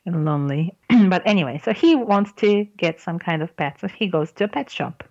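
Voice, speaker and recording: A podcast host tells a joke in chatty style, pausing to explain words and laughing often. Her voice is low for a woman. The recording is dry and dull, with a lo-fi sound. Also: darkish tone, dry recording. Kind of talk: casual chat, telling a joke.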